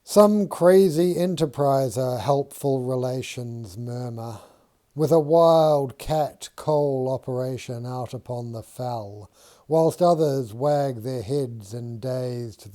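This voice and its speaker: A man reading a novel aloud in a measured, unhurried storytelling manner. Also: mid-range voice, mellow. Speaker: audiobook reader.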